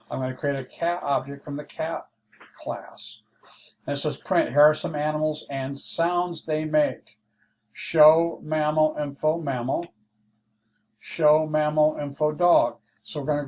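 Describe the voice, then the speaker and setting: A man explaining code in a slow, unhurried lesson, his voice a little higher than most men's. He thinks aloud as he goes, walking through each step. The sound is dull and lo-fi, with a faint hiss underneath. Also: darkish tone. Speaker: programming instructor. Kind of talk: screen-share coding lesson.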